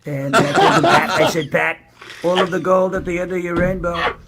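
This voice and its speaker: A man's voice: sits high, big pitch swings, a loud crowd. A man playing a boastful older male president, rambling from one brag to the next in a comedy impression clip. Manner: rambling bragging monologue, drawn-out superlatives.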